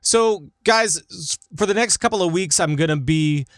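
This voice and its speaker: A man hosting a podcast in casual chat, lively and jokey, from Minnesota. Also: sits high, normal speed, no room sound, clean studio sound. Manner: lively, jokey, breaks into big laughs. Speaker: podcast host.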